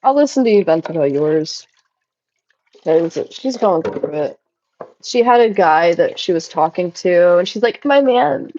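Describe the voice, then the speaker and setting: A young woman livestreaming, telling stories in casual chat and jumping into high-pitched voices when she quotes people. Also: expressive, unhurried, mellow, highs cut off, slight background noise. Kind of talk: casual live-stream chat. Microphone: phone.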